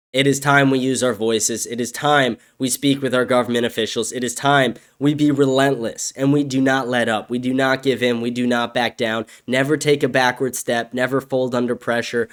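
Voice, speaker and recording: Young guy ranting on his own podcast, mid-pitched voice, cussing constantly, gets loud then drops to a mutter. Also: fairly even intonation, moderate pace, clean tone. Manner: angry, profane, swings between shouting and low muttering. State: agitated. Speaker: podcast host. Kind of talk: solo opinion rant.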